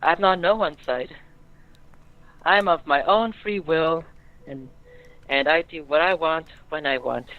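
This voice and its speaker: A man's voice: on the high side, measured pace, pauses often. A man putting on a giggly, teasing girl denizen. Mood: smug. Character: playful girlish female denizen in maid outfit. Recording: tinny phone-like line.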